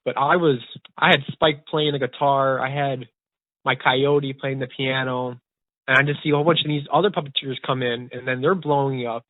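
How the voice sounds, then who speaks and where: A man's voice: mid-range voice, steady tone, normal speed, no room sound. Young man with a tinny, phone-like sound. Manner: rambling, eager, many restarts. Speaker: puppeteer and podcast host. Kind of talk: casual storytelling chat.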